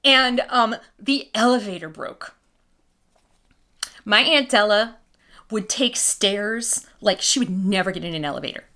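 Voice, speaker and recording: A woman's voice: on the high side, bright, forceful tone. A woman doll collector vlogging casually, chatty and goofy, rambling between reviewing a doll and telling a family story.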